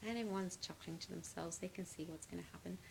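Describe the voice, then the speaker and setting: A woman telling an improvised story in an animated, playful way, with laughing asides. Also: fairly low pitch, quick pace, gravelly, a little hiss or hum.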